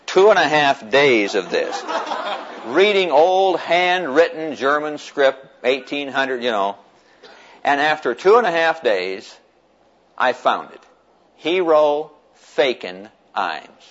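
An older American man telling a personal story to an audience, animated and chuckling, acting out what others said. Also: mid-range voice, highs cut off, a little hiss or hum. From United States. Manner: animated, chuckling storyteller who acts out quoted voices.

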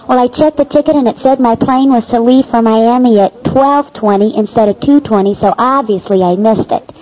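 A woman telling a personal faith story aloud in an animated way, acting out the dialogue. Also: on the high side, fairly quick, hardly any pauses. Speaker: storyteller giving a Christian testimony. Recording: dull lo-fi recording.

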